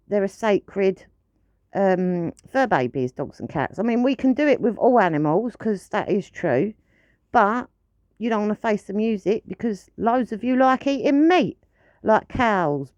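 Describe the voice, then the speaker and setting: A woman's voice: mid-range voice, a little mellow, dry recording, highs cut off. A woman ranting to camera in a blunt, frustrated way, swearing freely. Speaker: pet owner vlogger.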